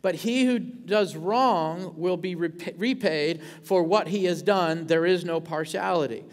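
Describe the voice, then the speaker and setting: A male pastor preaching a sermon in a church, animated and quick, stumbling over words and asking the congregation questions. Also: high-pitched, in a large hall. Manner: animated preaching with many restarts and audience questions. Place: church sanctuary. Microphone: ringing handheld or stage mic.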